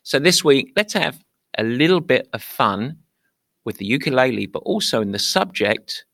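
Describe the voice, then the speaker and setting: A man's voice: mid-range voice, very animated, moderate pace, creaky, a bit bright, no echo, studio quality. A British man hosting a podcast, talking playfully with theatrical mock indignation. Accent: British English. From England. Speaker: podcast host. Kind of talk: upbeat podcast monologue.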